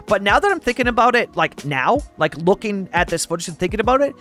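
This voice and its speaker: Chatty man, lively and upbeat. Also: sits high, quick pace. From Canada (Vancouver). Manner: rambling, chuckling, thinking aloud with many fillers. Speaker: city-builder gameplay commentator. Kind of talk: casual gameplay commentary. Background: faint background music.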